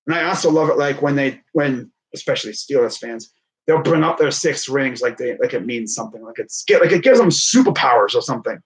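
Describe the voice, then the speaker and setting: Young dude, kinda high voice, excitable football rant, rambly. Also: male voice, a little fast. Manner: excitable, rambling, trash-talking. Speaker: sports fan streamer. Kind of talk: casual sports talk.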